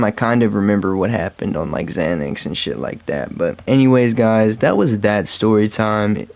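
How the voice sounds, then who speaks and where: A man's voice: on the low side, a little mellow. Rambling, profane man telling a story. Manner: profane, rambling, addresses viewers as guys and bro. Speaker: storytime vlogger. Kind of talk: casual storytime monologue.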